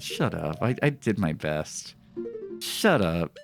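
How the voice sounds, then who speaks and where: A man's voice: low-pitched, a little slow, gravelly, over music. A man streaming a video game live, chatting to viewers and joking about his own mistakes. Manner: animated, talks to chat and jokes about his fails. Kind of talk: live gameplay commentary.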